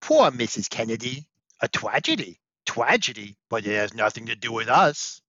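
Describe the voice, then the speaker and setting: A man's voice: mid-range voice, very animated, normal speed, sharp tone, no room sound. A man voicing a puppet character who is childlike and easily confused, with a put-on accent. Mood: chipper. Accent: put-on accent like an old-time carnival promoter. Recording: dull lo-fi dry sound, from the mic.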